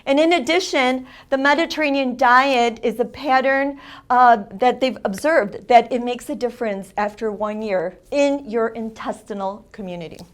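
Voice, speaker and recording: A woman of Italian heritage hosts a community TV show, teaching an upbeat Spanish lesson and drilling phrases with emphatic repetition. Her voice is fairly high at normal speed.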